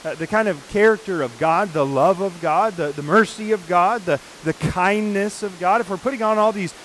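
A man with a fairly high voice delivers an earnest sermon and explains scripture step by step. A faint hiss sits under the recording. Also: normal speed, fairly bright tone, rough recording. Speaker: preacher.

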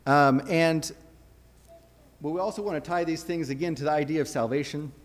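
A man with a somewhat high voice preaches a sermon in an earnest, conversational way, often restarting his phrases. His voice carries a long reverb, as in a church sanctuary. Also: normal speed.

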